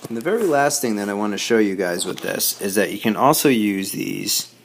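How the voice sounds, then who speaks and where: Low gravelly-voiced male teacher explaining patiently. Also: lively intonation, a little hiss or hum. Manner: patient, explaining step by step with quick asides. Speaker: high school Spanish teacher. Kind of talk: recorded video lesson.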